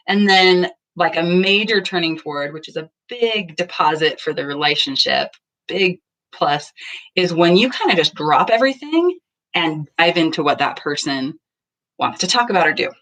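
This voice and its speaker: Back home from the garden, a woman in her thirties who vlogs about parenting speaks casually to camera, earnestly playing out small dialogues. Her voice is lowish, expressive and a bit bright, at a moderate pace.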